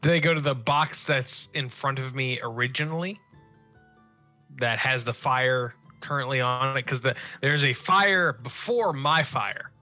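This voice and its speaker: A man's voice: medium pitch, measured pace, sharp tone. A man playing a tabletop game, asking hesitant questions full of restarts. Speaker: player. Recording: muffled stream audio with music.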